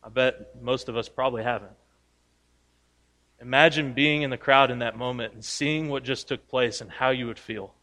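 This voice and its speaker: Male pastor, sermon, conversational, bright forceful tone, acts out story voices, long hall reverb. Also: mid-range voice, fairly even intonation, normal speed. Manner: conversational, asks the congregation questions.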